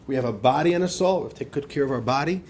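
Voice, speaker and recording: A man teaching a class as a rabbi, telling stories in a lively lecture style, acting out quotes and laughing often. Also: mid-range voice, racing, slight background noise. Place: class in front of a live audience.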